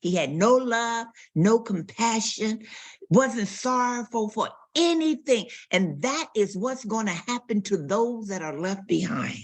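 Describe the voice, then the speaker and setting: A woman pastor delivers a sermon at an unhurried pace, her voice slightly husky. She moves through stories, acting out quoted lines and even imitating a dog's bark as she preaches. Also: a little high. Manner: preaching with storytelling and acted-out quotes, barking sounds.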